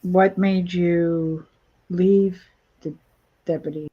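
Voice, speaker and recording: A woman hosting an interview, speaking slowly and supportively to her guest. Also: on the low side, fairly even intonation, breathy edge, narrow, tinny audio. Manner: slow, affirming, supportive. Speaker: host. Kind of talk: podcast interview.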